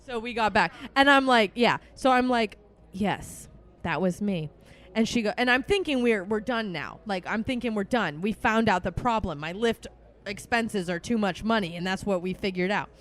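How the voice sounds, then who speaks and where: A woman's voice: mid-range voice, normal speed. A woman in her twenties hosting a casual podcast, telling a story with lots of swearing and acted-out quotes. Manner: animated, swearing, acts out quotes. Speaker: podcast host.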